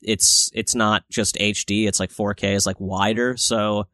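A man's voice: fairly low pitch, flat delivery, measured pace, sharp tone, no room sound, studio quality. A man co-hosting a podcast in casual chat, rambling and swearing freely. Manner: crude, rambling, swears a lot. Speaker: podcast co-host.

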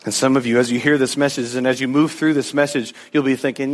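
A man's voice: medium pitch, brisk. Preaching man in a reverberant sanctuary. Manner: animated preaching, acting out the disciples in a casual voice. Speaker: pastor. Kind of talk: sermon. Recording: long hall reverb.

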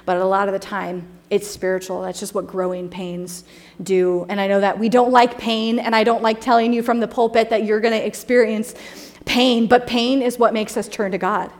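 A woman's voice: mid-range voice, little pitch movement, normal speed. A young adult woman giving a sermon from the pulpit, telling personal stories in a conversational way with many fillers and restarts. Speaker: preacher.

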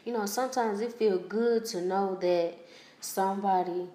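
A woman hosting a personal podcast, talking haltingly with many fillers and restarts as she holds back tears. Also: medium pitch, fairly even intonation, mellow, reverberant. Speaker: podcast host.

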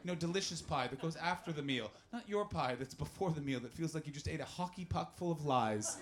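A young man works a stand-up crowd, his voice sitting a little higher than most men's. He rambles from story to story, swearing freely and mocking himself, then turns to quiz the audience. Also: expressive, brisk. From Canada. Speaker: stand-up comedian. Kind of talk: stand-up comedy set.

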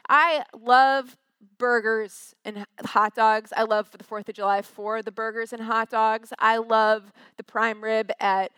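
A woman's voice: on the high side, level tone, a little slow, fairly bright tone, clean tone, no echo. A young woman from Westchester, chatty and self-deprecating with many fillers, telling a personal story on stage.

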